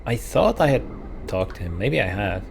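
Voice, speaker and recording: A man's voice: fairly low pitch, sing-song, normal speed, creaky, slight background noise. A man hosting a let's play, musing and hesitant as he thinks aloud through casual gameplay commentary.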